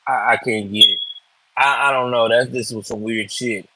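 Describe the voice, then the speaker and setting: A man's voice: mid-range voice, steady tone, normal speed, pushed and bright, no room sound, low-quality recording. A man hosting live political commentary, ranting in a blunt, profane, emphatic way.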